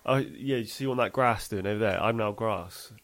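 He speaks a little fast in a fairly low voice, co-hosting a laid-back podcast conversation. Playful and animated, he breaks into laughter frequently.

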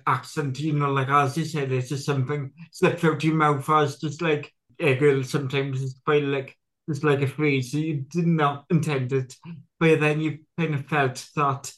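A man hosting a casual conversation, who speaks haltingly and often stops to search for words. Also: a little high, a bit bright. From Great Britain.

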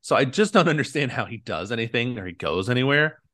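This fast-talking American podcast co-host has a medium-pitched, sharp-toned voice with lively intonation. He rambles through a casual movie recap, full of "like" and acted-out lines.

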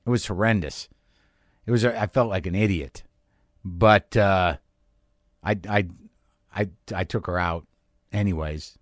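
A man's voice: low-pitched, unhurried, pauses often, dry recording, studio quality. A man hosting a podcast, telling a long personal story in a wry, rambling, self-mocking way, then chatting with his guest. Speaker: podcast host. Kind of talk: conversational storytelling monologue.

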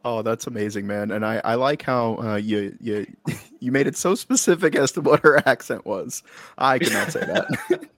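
A man's voice: medium pitch, normal speed, a bit bright, dry recording. A man hosting a casual podcast chat. He jokes around and puts questions to the group. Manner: joking, asks the group questions. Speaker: podcast host.

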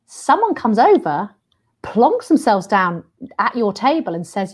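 A London woman hosts a chatty podcast, her voice a little high and swinging widely in pitch. She builds suspense like a game-show host, then drops into candid storytelling. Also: measured pace, husky. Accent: London English. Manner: animated, dramatic game-show delivery. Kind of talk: casual podcast chat.

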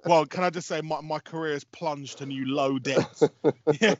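A man telling a story in casual podcast chat. His voice sits slightly high, and he rambles, laughs and swears with plenty of restarts while getting over a cold. The audio is dull and lo-fi. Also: steady tone, moderate pace, a crowd in the background. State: has a cold. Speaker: football radio commentator.

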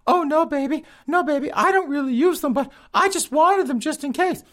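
A man voicing a panicked young woman who has been robbed, squealing in a high, frantic voice. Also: moderate pace, fairly bright tone. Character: shrieking panicked young woman, burglary victim.

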